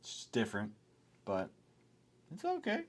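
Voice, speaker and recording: A man with a very low voice co-hosts a casual beer review. He rambles easily, filling pauses with ums and uhs as he describes taste and mouthfeel. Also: huge pitch swings. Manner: laid-back, rambling with many fillers.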